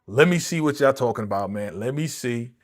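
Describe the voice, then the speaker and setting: A man hosting a live movie reaction stream, talking in a slangy, animated way and exclaiming his disapproval, often repeating himself and speaking straight to his viewers. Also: mid-range voice, fairly quick. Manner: slangy, addresses viewers directly. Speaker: reaction channel host.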